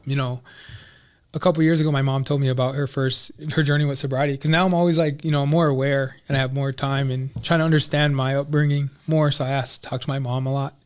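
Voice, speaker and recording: A man's voice: mid-range voice, flat delivery, fast, a little mellow, smooth. A man guesting on a podcast, telling a personal story in a loose, rambling way, full of "like" and "you know". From Minneapolis, USA.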